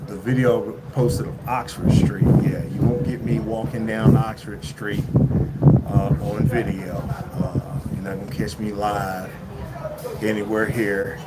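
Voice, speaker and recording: Rambling man, lowish voice, noisy phone stream. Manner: rambling, halting, with many fillers and restarts. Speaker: vlogger livestreaming. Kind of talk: casual live-stream chat. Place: indoors at a lodging while traveling. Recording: loud background noise.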